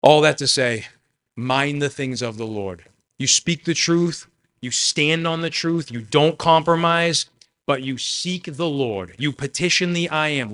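A man preaching a sermon, addressing the congregation directly and swinging between loud emphasis and quiet asides. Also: fairly high pitch, unhurried. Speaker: pastor.

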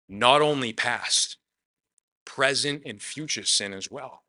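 A male pastor preaching to a room in a loose, conversational way, slipping into little acted-out quotes as he retells the story. His voice is very bright and forward, at a middle pitch. The recording is dry and close, with no room sound. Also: takes it slowly, dry recording. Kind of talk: sermon.

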